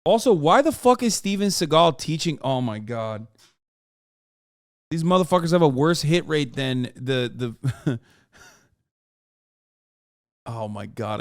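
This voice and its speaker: A man's voice: medium pitch, clear, resonant tone, no room sound, clean studio sound. A male streamer giving casual, profane, incredulous commentary as he reacts to a show.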